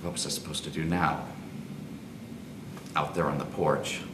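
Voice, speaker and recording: A man reading his own comic short fiction aloud at a live event, with dry, deadpan timing. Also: rumbling low, normal speed. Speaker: reader. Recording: roomy, distant live-reading mic, audience noise.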